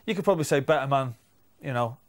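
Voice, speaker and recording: A man's voice: medium pitch, lively intonation, fast, dry recording. Sardonic man with dry teasing. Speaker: band member and songwriter. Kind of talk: casual interview chat.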